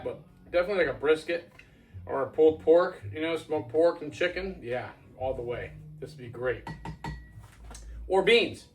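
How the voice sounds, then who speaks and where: A man from Florida talks through a beer tasting outdoors at night. His voice sits a little high and sounds somewhat off-mic, with soft music in the background. He rambles in a loose, folksy way. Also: far from the mic, poor audio. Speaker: beer reviewer. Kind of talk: casual beer review.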